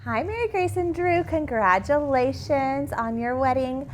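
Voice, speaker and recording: Woman, high voice, playful and teasing wedding wishes. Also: expressive, a little slow, a little hiss or hum. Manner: playful, sings a silly song. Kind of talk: wedding video message.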